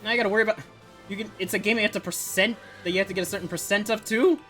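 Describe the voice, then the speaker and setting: A man's voice: sits high, fairly even intonation, very fast, bright, forceful tone, faint music behind. A young man streaming a game live, joking and chatting with his audience. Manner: joking, chatty, reacting to cutscenes. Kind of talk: casual live-stream chat.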